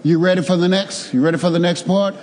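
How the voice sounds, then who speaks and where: Emphatic preacher in a reverberant church. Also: male voice, high-pitched, fairly even intonation, fast, a little mellow. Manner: call-and-response with the congregation, rising to emphatic exhortation. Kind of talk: sermon. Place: church sanctuary.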